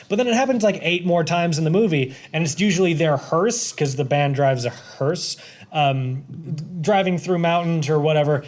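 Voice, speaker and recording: A man's voice: on the high side, brisk. A man hosting a podcast, describing a movie in a rambling, casual way with many fillers.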